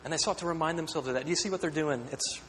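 A man's voice: on the high side, very fast, fairly bright tone. A pastor preaching a sermon, earnest and questioning, often repeating words as he builds a point. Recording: echoey hall with long reverb, faint hum.

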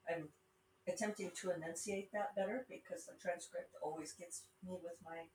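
A woman's voice: fairly low pitch, fairly even intonation, moderate pace, darkish tone, a little hiss or hum. A middle-aged woman with a Rocky Mountain accent hosting a podcast, talking in a casual, rambling way with wry asides. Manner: chatty, digressive, wry asides. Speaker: podcast host and self-published author. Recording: roomy sound from a distance with faint ambience.

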